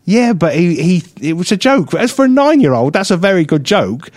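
A man's voice: high-pitched, a little fast, no room sound. A man, co-hosting a casual radio chat show and telling stories with lots of laughter. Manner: animated, laughing storyteller. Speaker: radio co-host. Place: radio studio.

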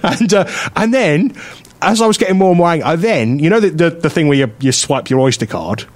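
A man hosting a radio show, telling a story in casual chat, animated and quick to laugh. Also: fairly high pitch. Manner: animated storyteller who acts out other people's voices and laughs often. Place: radio studio.

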